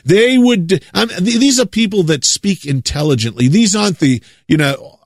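A man from the United States delivers a preaching monologue in a fairly high voice, stretching his stressed words and repeating them to drive a point home. The sound is dry and close, with no room around it. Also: animated, no room sound. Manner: emphatic, drawn-out stresses, repeats words for effect.

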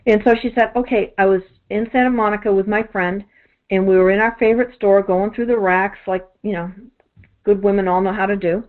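A woman's voice: mid-range voice, fairly even intonation, brisk. Woman telling stories over tinny audio. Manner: rambling, many "you know" fillers and restarts. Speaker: energy work practitioner. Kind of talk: casual storytelling monologue.

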